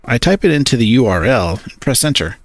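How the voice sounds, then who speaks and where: A man's voice: medium pitch, big pitch swings, fairly quick, no echo. A man narrating a first-person story, hesitant and awkward in his character's lines.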